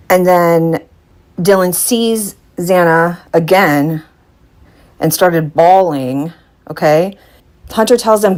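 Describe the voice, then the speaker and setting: Brief: lower-voiced woman host, live true-crime commentary, questioning, thinking aloud. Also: darkish tone. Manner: questioning, puzzled, talks it through aloud.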